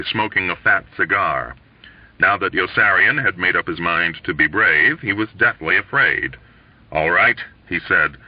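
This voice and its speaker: A man reading a novel aloud as an audiobook, telling the story in an expressive, lively way. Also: sits low, husky, dry recording. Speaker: audiobook reader. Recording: dull lo-fi dry recording.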